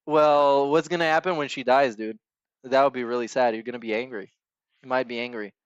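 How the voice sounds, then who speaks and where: A man's voice: mid-range voice, fairly even intonation, fairly quick, clear, resonant tone, no room sound, dull audio. A man hosting a podcast, giving crude, sarcastic reaction commentary on stream clips.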